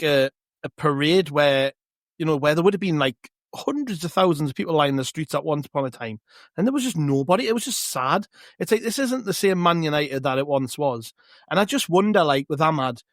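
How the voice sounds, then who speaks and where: Chatty North East English man, higher voice. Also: no room sound, studio quality. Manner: chatty, asks questions, storytelling. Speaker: podcast co-host. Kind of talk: casual football chat.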